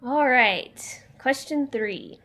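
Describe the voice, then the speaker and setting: A woman's voice: sits high, animated, extremely slow, sharp tone. A young woman hosting a casual podcast quiz and reading the questions out plainly. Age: young adult. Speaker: quiz host.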